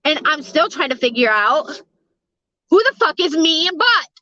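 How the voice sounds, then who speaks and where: A middle-aged woman talks in a high, bright, sharp voice, rambling through casual live-stream chat. She swears freely and laughs often, and the sound is dry and a little dull, as if on a lo-fi mic. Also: very animated, moderate pace, dry recording. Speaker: streamer chatting with live viewers.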